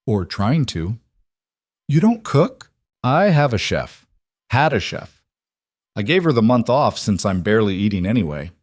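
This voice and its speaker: A man's voice: lowish voice, big pitch swings, a little slow, pauses often, no echo, clean studio sound. A man voicing a guarded businesswoman. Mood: wry. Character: guarded driven businesswoman, adult female CEO.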